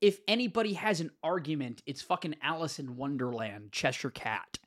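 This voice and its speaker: A man's voice: on the high side, lively intonation, moderate pace, a bit bright. A young man co-hosting a podcast, giving wry, opinionated takes in casual chat. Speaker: podcast co-host. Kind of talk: casual chat reacting to game creatures.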